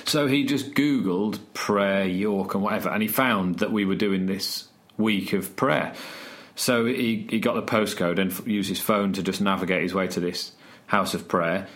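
A man's voice: lowish voice, moderate pace, few pauses. A man, a student church leader chatting on a podcast, telling stories with energy and frequent restarts. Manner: storytelling, animated, many restarts. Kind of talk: casual podcast conversation.

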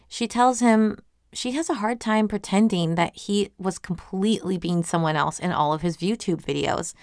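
Chatty woman with a smooth, dry voice. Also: mid-range voice, dry recording. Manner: chatty, enthusiastic, laughs often. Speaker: webcomic recap commentator. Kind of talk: casual recap commentary.

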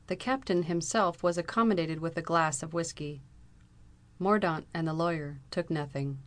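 Low-voiced woman reading a novel aloud. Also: moderate pace. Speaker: audiobook reader. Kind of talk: scripted narration of a Victorian novel.

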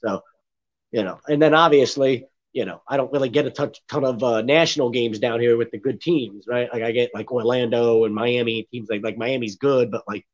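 A man's voice: medium pitch, brisk. A man co-hosting a casual sports podcast who talks bluntly and rambles with lots of fillers. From Florida. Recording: dull lo-fi sound.

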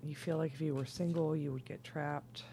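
A tipsy woman doing a casual, rambling tarot reading, swinging between loud outbursts, laughter and whispers. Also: sits low, fairly even intonation, normal speed, vocal fry, slight background noise. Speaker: tarot reader.

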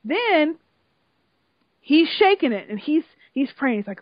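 A woman with a high, bright-pitched voice tells a story in casual chat, swearing and getting worked up as she goes. The sound is dry and close, with a dull lo-fi tone. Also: slow pace, no echo. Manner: animated, emotional storytelling with swearing. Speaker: podcast co-host recapping a reality show.

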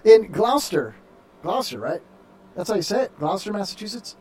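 A male podcast host reads out a news story, swearing and laughing as he goes. His pitch swings widely and stays lively throughout. The talk is loose and joking. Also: brisk. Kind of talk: casual podcast chat reading news stories.

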